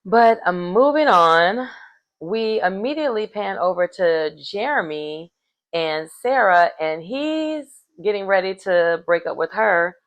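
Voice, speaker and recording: A woman casually retelling a reality show in a chatty, animated way, full of fillers. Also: medium pitch, slow, dull audio. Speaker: reality show recap commentator.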